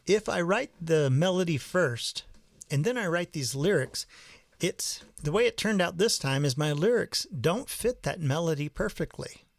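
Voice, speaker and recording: A man's voice: fairly high pitch, lively intonation, unhurried, vocal fry, no room sound, clean studio sound. A man explaining songwriting in a patient, methodical way, using everyday analogies in a video lesson. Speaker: songwriting teacher.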